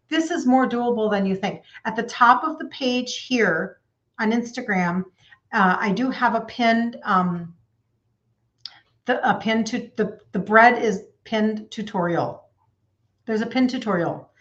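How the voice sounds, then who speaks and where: Here the health coach's voice runs on the high side, and the audio sounds dull. She's in her fifties, chatting informally on a live stream, reading comments from viewers with many filler words.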